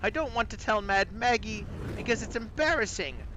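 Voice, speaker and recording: A man's voice: high-pitched, animated, moderate pace, noisy background, voice pushed up. A man voicing a fussy, self-pitying floating skull who was once a wizard, with a British accent and a whistle on his s sounds. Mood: embarrassed. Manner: whiny, fussy, complaining.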